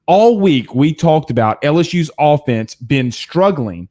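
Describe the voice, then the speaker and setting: A man's voice: on the high side, animated, unhurried, darkish tone. A man hosting a postgame sports show, ranting angrily with heavy cursing. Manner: cursing, heated and exasperated. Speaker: sports talk show host. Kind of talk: angry postgame rant.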